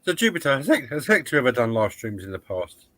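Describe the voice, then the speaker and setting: A man's voice: medium pitch, sing-song, fast, pushed and bright, dry recording. A man in casual chat, easygoing and curious, asking questions.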